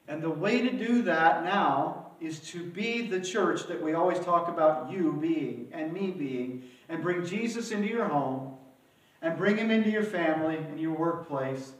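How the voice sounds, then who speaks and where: A male pastor preaching a sermon in a church, with dramatic swings between loud outbursts and hushed emphasis. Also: fairly high pitch, distant mic. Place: church, alone without live audience. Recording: very echoey room, voice from afar.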